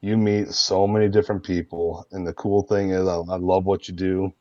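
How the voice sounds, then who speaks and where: A man's voice: low-pitched, little pitch movement, normal speed, a little mellow, no echo. A middle-aged American man, a guest roleplayer, telling casual rambling anecdotes over a video call, peppered with "man" and "dude". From United States. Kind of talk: casual storytelling interview. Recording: dull, dry, lo-fi mic.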